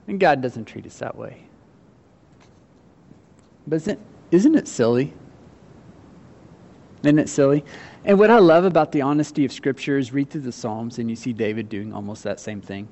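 Male pastor mid-sermon, a bit high-pitched, lively voices for quotes, hushed on scripture. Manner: animated, acts out voices in quotes, laughs often; drops to quiet, slow delivery on scripture.

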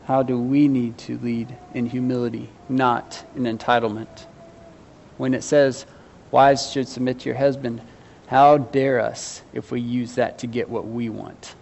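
A man's voice: medium pitch, steady tone, unhurried, vocal fry, a little mellow, a little hiss or hum. A man preaching a sermon, earnestly putting questions to his congregation with some self-deprecating humor. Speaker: pastor.

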